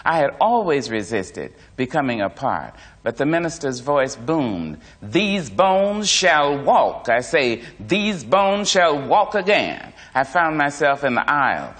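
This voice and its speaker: A man's voice: mid-range voice, fairly bright tone. Man reading a memoir aloud. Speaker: narrator.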